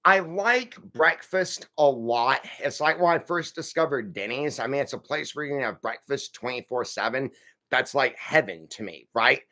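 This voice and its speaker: A man's voice: mid-range voice, expressive, moderate pace, bright, forceful tone. A man hosting a casual live stream, rambling and folksy as he reads out viewer comments and answers them. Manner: folksy, calls viewers friend and y'all.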